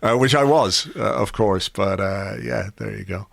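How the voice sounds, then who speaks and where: A man hosts a casual podcast chat, rambling along with plenty of fillers and restarts. He sounds a touch hungover, his voice sitting a little low. The recording is dry and close, with no room sound. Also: normal speed, vocal fry, fairly bright tone, dry recording. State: slightly hungover. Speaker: podcast host.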